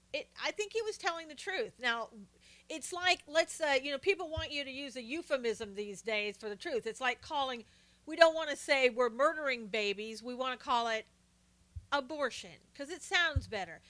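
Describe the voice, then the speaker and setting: A woman's voice: on the high side, pushed and bright. An older woman hosting a casual political commentary livestream, chatting and greeting viewers by name as she talks. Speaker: live stream host.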